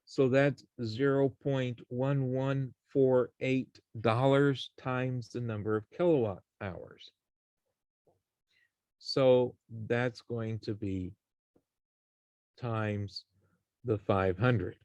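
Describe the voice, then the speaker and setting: A man's voice: medium pitch, steady tone, extremely slow, pauses often, darkish tone, clear, resonant tone, no room sound. A man teaching a college algebra class, explaining each step and checking in with his students. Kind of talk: classroom math lecture.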